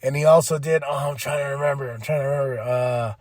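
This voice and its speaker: A man hosting a podcast, recapping in casual, excitable and rambling talk with some swearing. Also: mid-range voice, fast talker, dry recording. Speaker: podcast host.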